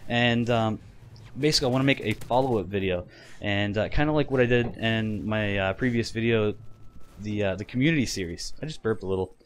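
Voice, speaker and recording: A man's voice: fairly low pitch, a little fast. A man in his twenties talking casually to viewers in a rambling vlog, with lots of fillers and restarts. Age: 20s. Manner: rambling, many fillers and restarts, laughs often. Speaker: gaming YouTuber. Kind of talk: casual vlog talk over gameplay.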